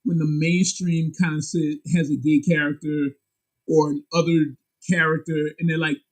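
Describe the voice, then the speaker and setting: A man, a comic book publisher and guest, chatting casually in an animated, candid, slangy way. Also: moderate pace, low-quality recording. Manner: animated and emphatic, sharp jumps in pitch. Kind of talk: casual chat.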